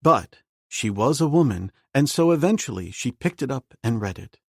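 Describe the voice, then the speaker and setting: A man reading a novel aloud as an audiobook narrator, in a steady, measured way. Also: mid-range voice, gravelly, slightly rough, no room sound, clean studio sound.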